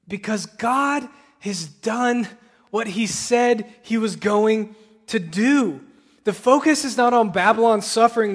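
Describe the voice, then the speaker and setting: A man's voice: high-pitched, fairly bright tone. A man preaching a sermon as pastor in a church, talking earnestly and building to impassioned pleading. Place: church sanctuary. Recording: long hall reverb.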